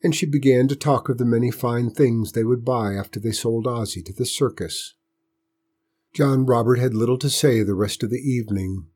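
A man narrates a story in a steady, measured reading voice. His tone is slightly husky and sits at an ordinary pitch.

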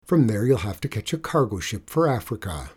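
A man's voice: on the low side, very animated, a little fast, a little mellow, breathy edge, heavily acted. Man playing a polite ticket agent, apologetic and plain. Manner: apologetic, matter-of-fact.

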